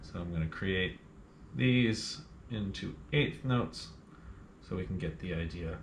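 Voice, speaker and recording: A man's voice: low-pitched, a little slow, gravelly, a little hiss or hum. Man teaching piano in an echoey room. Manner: counts beats aloud and hums rhythms while playing; patient, plain instructions to the learner. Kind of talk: step-by-step music lesson. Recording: roomy sound with piano playing.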